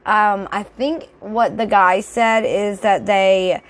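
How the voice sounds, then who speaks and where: A woman's voice: mid-range voice, fairly even intonation, slow. A young adult woman vlogging in casual chat, rambling with fillers while showing products, her voice a little off and throaty. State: voice slightly off, throat clearing.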